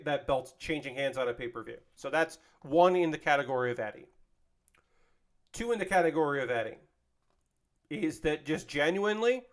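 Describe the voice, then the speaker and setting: A man in his thirties hosting a casual livestream, ranting with passion and heavy profanity, repeating and restarting his sentences. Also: fairly high pitch. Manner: repeats himself and restarts often. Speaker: livestream host.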